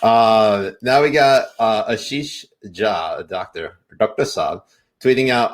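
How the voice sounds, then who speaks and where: Low-voiced sarcastic male co-host. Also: slow. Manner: sarcastic, says yo and bro, laughs often. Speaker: podcast co-host. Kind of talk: casual political chat, reading tweets aloud.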